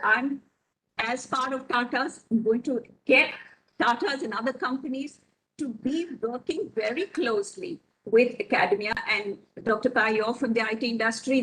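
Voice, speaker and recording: Measured woman panelist on a video call. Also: fairly high pitch, low-quality recording. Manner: measured, methodical, lays out plans point by point. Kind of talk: panel discussion answer.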